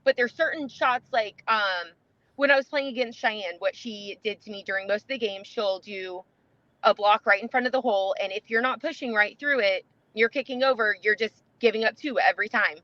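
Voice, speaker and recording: Woman podcast guest, rambly, lots of fillers, bright highish voice, kinda dull lo-fi sound. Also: fairly quick, no echo. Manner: rambling, many fillers and restarts. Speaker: podcast guest, competitive player. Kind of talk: casual interview chat.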